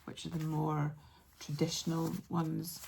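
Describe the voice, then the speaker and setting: A woman hosting a craft podcast, chatting casually with many ums and soft asides as she shows yarn and patterns. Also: sits low, monotone, unhurried, gravelly, slight background noise.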